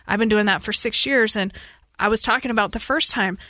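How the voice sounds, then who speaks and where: A woman in her forties, a podcast guest, telling a painful family story in an earnest, urgent, fast-flowing way. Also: mid-range voice, sharp tone, dry recording. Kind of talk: emotional personal interview.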